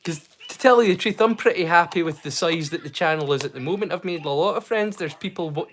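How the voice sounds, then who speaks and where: Man, high voice, casual livestream chat, excitable, lots of fillers and restarts, mild stammer. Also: fast. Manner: hesitant, many fillers and restarts; mild stammer he keeps hidden. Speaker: livestream host.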